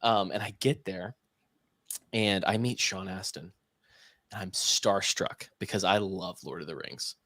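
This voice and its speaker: A young man on a podcast casually telling an animated story and acting out the dialogue. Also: deep voice, measured pace, dry recording. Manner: animated anecdote teller, acts out quoted dialogue. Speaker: podcast co-host.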